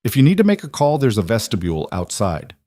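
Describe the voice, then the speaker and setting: A man's voice: fairly low pitch, huge pitch swings, quick pace, dark tone, no echo, studio quality. A man voicing a frightened young female librarian who stands firm in a small trembling voice. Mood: insistent.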